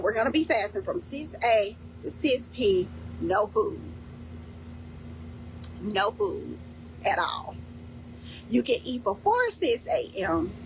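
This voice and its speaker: A woman leads a faith-based fasting group in a casual, instructional way. Her voice sits a little high, and she is emphatic, checking in often with "okay?". A faint hiss runs under the recording. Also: poor audio. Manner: warm, emphatic, repeats key points with "okay?". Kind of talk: casual instructional talk to a community.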